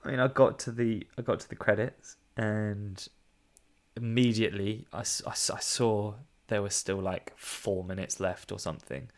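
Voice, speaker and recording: A man's voice: lowish voice, fairly even intonation, normal speed. A man co-hosting a casual film review podcast, chatty and playful, laughing easily as he talks. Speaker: podcast co-host.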